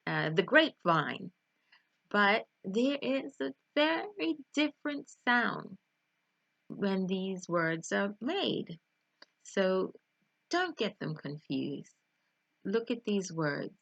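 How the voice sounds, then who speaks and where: A woman's voice: mid-range voice, big pitch swings, slow, vocal fry, pauses often, fairly bright tone, no echo, lo-fi sound. A woman teaching English pronunciation in an online video lesson, speaking carefully and exaggerating each sound in drills.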